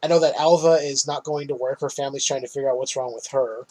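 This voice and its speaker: A man's voice: mid-range voice, steady tone, fast talker, darkish tone, low-quality recording. A man podcast co-host recapping a film in casual chat, loose and swearing, laughing often.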